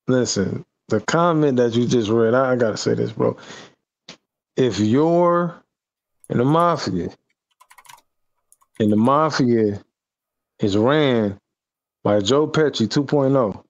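A man's voice: mid-range voice, lively intonation, takes it slowly, long pauses. A man co-hosting a casual live stream, talking in a laid-back way full of "you know" and restarts. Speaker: stream co-host. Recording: slightly dull lo-fi audio.

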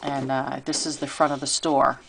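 Low-voiced woman chatting about her craft. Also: moderate pace, creaky, a little hiss or hum. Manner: chatty and relaxed, with fillers and little asides. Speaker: crafter showing her handmade album. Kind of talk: casual show-and-tell craft video. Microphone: camera she handles while filming.

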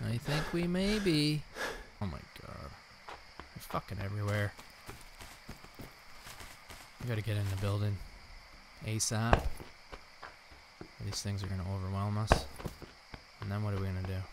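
A man's voice: on the low side, little pitch movement, moderate pace, long pauses. A man commentating on a survival game as he plays, talking to himself and his viewers and swearing often. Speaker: gameplay commentator. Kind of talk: let's play commentary. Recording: with clear background noise.

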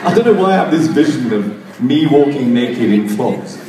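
A man's voice: medium pitch, lively intonation, normal speed. A man joking and laughing bawdily while he banters on a convention panel stage. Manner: bawdy, playful, laughing. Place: large convention hall. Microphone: audience handheld recording. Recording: echoey hall from far off, crowd noise.

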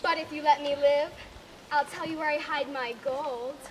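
Cowardly Lion, a woman playing him jittery and high. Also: fairly even intonation, normal speed, a little hiss or hum, close to an everyday voice, rough recording. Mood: panicky. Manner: jumpy, fretful, suspicious. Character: timid paranoid male lion, easily panicked. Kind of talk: improvised stage comedy scene. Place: theatre camp stage.

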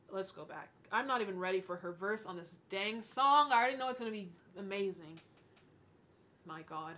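A woman in her twenties hosting a casual music reaction, gushing and excitable, swearing when she gets worked up. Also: mid-range voice, moderate pace, pauses often, slight background noise. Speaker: music reaction channel host.

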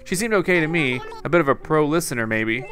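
A bubbly, gossipy female cat villager from a video game, as a man puts her on. The voice is pushed high and lively, and it chatters brightly about the neighbors. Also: quick pace, soft background music.

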